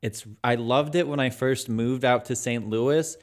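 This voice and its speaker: A man's voice: mid-range voice, unhurried. A man co-hosting a podcast, telling stories in casual chat and acting out other people's lines. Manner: animated storyteller, acts out voices. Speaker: podcast co-host.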